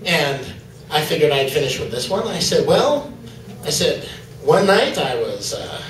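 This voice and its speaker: A man's voice: on the high side, sing-song, a little slow, a little hiss or hum. A man doing a stand-up set, loose and rambling with lots of fillers. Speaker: stand-up comedian. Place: comedy club stage. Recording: echoey club from far off.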